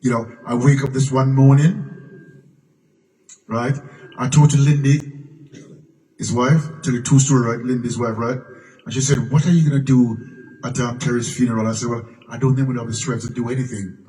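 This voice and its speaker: A man's voice: medium pitch, fairly even intonation, moderate pace, pauses often, dark tone. An older man from Jamaica, telling stories as a guest at a live Q&A in a museum room. He often repeats and restarts words and breaks into bits of song. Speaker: guest musician at a Q&A. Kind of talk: live storytelling at a public Q&A. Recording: distant mic with faint room noise.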